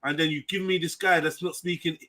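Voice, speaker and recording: A man hosting a casual panel chat, animated and mocking. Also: on the high side, a little fast.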